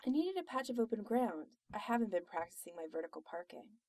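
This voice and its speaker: A woman reading aloud, voicing a composed, posh young woman with a dry, calm delivery. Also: medium pitch, fairly quick, no echo. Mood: cool. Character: cool, posh, unflappable young woman adventurer.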